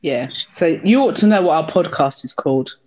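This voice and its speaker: A middle-aged woman co-hosting a casual family podcast, talking in an animated, laughing, defensive way. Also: deep voice, brisk. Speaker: podcast co-host and mother.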